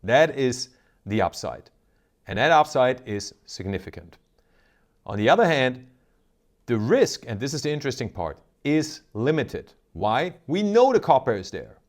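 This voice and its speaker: A man's voice: medium pitch, big pitch swings, unhurried. A man hosting an investment video, talking casually and emphatically, often tagging on rhetorical "right?" questions. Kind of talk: casual market commentary to camera.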